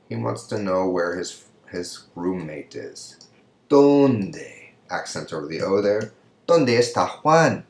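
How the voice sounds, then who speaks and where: A man teaching a recorded Spanish lecture, walking through exercises patiently and often checking with "right?". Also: on the low side. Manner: patient, asks "right?" often, pauses for students. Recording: echoey room sound.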